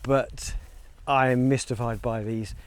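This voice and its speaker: A man's voice: mid-range voice, steady tone, slow pace, clear, resonant tone. A man, chatting casually in a walking vlog in an outdoor field and talking playfully to the cows around him. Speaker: vlogger. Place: outdoor field beside a stone circle. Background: faint outdoor ambience with cows.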